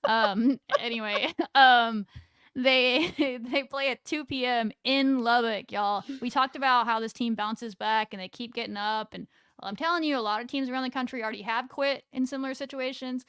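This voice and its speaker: A woman's voice: fairly high pitch, moderate pace, fairly bright tone, smooth, no echo, clean studio sound. A young woman co-hosting a casual sports recap show. She talks in a chatty way, laughs often and reads viewer comments aloud. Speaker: sports podcast co-host.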